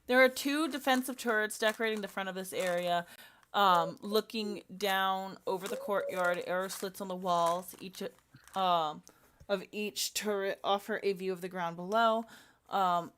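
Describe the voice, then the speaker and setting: A woman narrating a tabletop game as game master, halting with frequent fillers. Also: mid-range voice, a bit bright.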